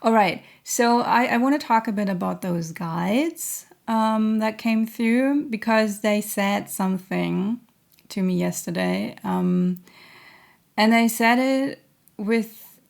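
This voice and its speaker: A woman giving a spiritual reading to camera, gentle and earnest, hesitant and searching with many pauses and fillers. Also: mid-range voice, gravelly. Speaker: intuitive reader.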